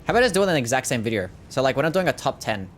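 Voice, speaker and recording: Australian guy, young, mid-pitched voice, easygoing game streamer who swears freely and chats with viewers. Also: sing-song, racing, a little hiss or hum. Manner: laid-back, swears freely, answers chat. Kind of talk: casual gameplay commentary.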